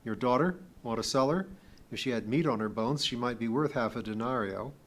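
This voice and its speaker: A coarse, watchful Roman legionary in his forties, as a male audiobook reader puts him on. His voice is gruff and his words come blunt and scornful, with threats dropped casually. It sits at an ordinary middle pitch, lifted only a little. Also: fairly quick, lightly acted. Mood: mocking. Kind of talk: audiobook character voice.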